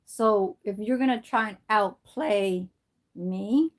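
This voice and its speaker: Speaking slowly in a medium-pitched voice, this middle-aged livestream host from San Francisco, USA, meanders through a story on her stream and doesn't hold back on the profanity. It's relaxed, casual chat.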